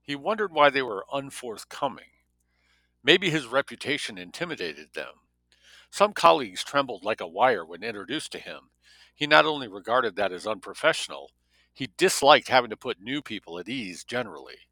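A man's voice: medium pitch, very animated, normal speed, vocal fry, sharp tone, no room sound, low-quality recording. A man reading a novel aloud who breaks off now and then for wry spoken comments. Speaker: story reader.

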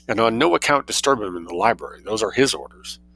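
A man voicing a suave, mischievous young man who spins outrageous tales with cool calm. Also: lowish voice, fast, gravelly, heavily acted. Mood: sly, unruffled.

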